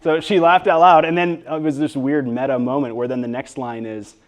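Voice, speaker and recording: A man being interviewed about his book in front of an audience, telling stories in a lively way with quick asides and frequent restarts. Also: mid-range voice. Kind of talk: storytelling interview talk before an audience. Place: event hall with an audience.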